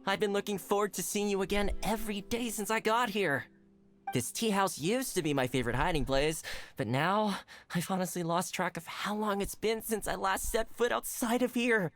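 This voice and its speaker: A man's voice: high voice, moderate pace, faint music behind. An easygoing young man in hiding. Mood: wistful. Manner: friendly, longing, relaxed.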